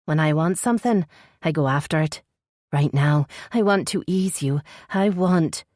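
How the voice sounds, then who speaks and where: An innocent young princess, her voice lifted lighter and quick with nerves , as a woman narrator plays her. The audiobook sound is dry and close. She is eager and a touch trembling. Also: sits low, a little mellow, no echo. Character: young innocent princess, bold yet nervous.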